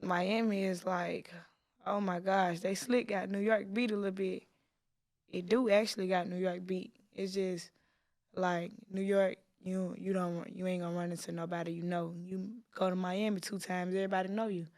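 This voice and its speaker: A woman's voice: lowish voice, little pitch movement, normal speed, darkish tone, no echo, clean studio sound. A woman from Tennessee, chatting casually as an interview guest, laid-back and full of slang and fillers. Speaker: guest rapper.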